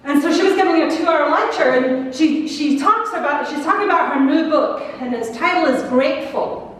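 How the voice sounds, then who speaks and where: A woman's voice: high voice, normal speed, a bit bright. A Canadian woman minister telling a story in a chatty sermon reflection, with asides to her congregation. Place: large church sanctuary. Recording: echoey church hall from far off, faint noise.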